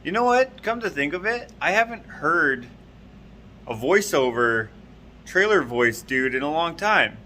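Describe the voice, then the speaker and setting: A man's voice: a little high, big pitch swings, unhurried, pushed and bright, a little hiss or hum. A man vlogging casually in his woodworking shop, rambling with lots of fillers and self-deprecating asides.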